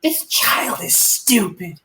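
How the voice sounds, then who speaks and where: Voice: medium pitch, sing-song, slow pace, sharp tone, pitched above the performer's own voice, full character voice. Woman doing a snarky little insulting snake. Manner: grumbling insults. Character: snarky small male pet snake.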